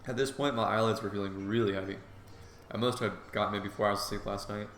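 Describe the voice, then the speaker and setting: A man's voice: lowish voice, steady tone, fairly quick, slight background noise. A man reading a visual novel aloud as he plays, with casual, joking asides. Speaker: game player and narrator. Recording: echoey room, soft guitar music.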